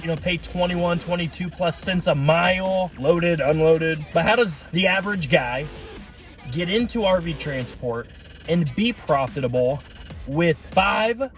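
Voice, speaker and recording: Plainspoken man with a raised voice. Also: fairly high pitch. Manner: plainspoken, frequent fillers and restarts. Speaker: host. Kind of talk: casual explainer monologue.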